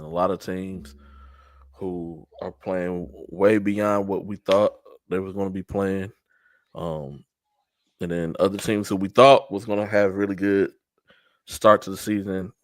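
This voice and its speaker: A man with a Southern US accent hosting a casual sports talk show, relaxed and leading the segment with many fillers. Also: low-pitched, dry recording, clean studio sound. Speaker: host.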